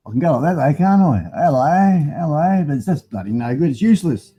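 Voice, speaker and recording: Middle-aged Aussie bloke hosting a live stream from his garage on a phone webcam; mellow, a touch high, rambling and mildly sweary. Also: animated, brisk, husky, muffled recording. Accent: Australian. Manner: rambling, chatty, mildly swearing, laughs often. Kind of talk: casual live-stream chat. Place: home garage with motorbikes. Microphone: phone used as webcam.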